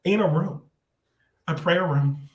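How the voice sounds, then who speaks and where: A man as a podcast guest, telling a personal story in a rambling, animated way with many restarts. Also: a little high, slow pace. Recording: roomy echo.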